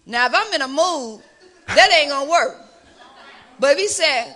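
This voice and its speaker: A middle-aged woman with a Chicago accent, the pastor's wife, answering questions in a lively, animated way in a church discussion. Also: high-pitched, normal speed, long pauses. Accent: Chicago African American English. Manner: lively, animated storytelling with laughter.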